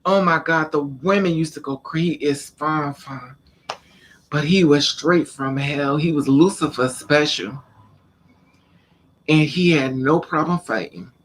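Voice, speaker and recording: A man's voice: on the high side, measured pace, a bit bright, slight background noise. A man telling a personal story in a casual vlog, acting out scenes and repeating words for emphasis. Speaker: vlogger.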